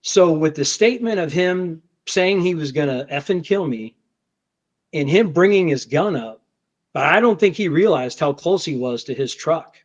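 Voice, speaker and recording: A man, a federal agent, recounting a confrontation in casual conversation, repeating words and acting out what was shouted. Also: fairly high pitch, moderate pace. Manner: animated, restarts often, acts out shouted quotes. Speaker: federal agent telling a story. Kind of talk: conversational storytelling. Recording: dull lo-fi podcast audio.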